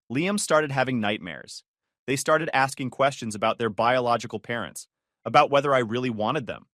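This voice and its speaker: A man tells a first-person family story with tense, charged delivery. His pitch moves a lot, rising and falling through each sentence. The recording is close and dry. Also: fairly bright tone, dry recording. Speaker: narrator.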